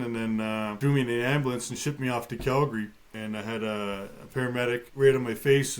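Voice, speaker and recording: A man, a guest on a talk show, telling a personal story in a matter-of-fact way with touches of light humor and frequent fillers. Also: medium pitch. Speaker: guest, bear attack survivor.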